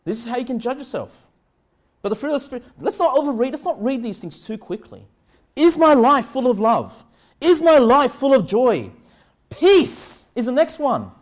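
A man pastor preaching a sermon earnestly, asking the listeners rhetorical questions and reading scripture slowly and deliberately. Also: extremely high pitch, sing-song.

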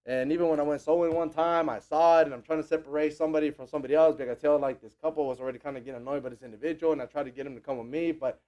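A man preaching a sermon in an animated, conversational way, acting out the people he quotes. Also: on the high side, rapid-fire, hardly any pauses, lo-fi sound.

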